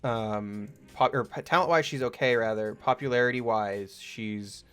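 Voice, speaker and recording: A young man co-hosting a casual chat, chuckling often and talking in halting bursts with fillers. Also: medium pitch, fairly bright tone, clean tone, faint music behind. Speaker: co-host.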